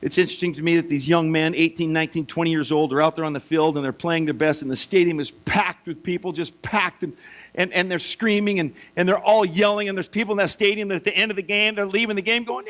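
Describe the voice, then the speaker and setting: A man preaching a sermon, telling Bible stories in a lively way and acting out the voices of the figures. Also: fairly high pitch, fast. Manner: lively storytelling, acts out voices for biblical figures. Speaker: pastor.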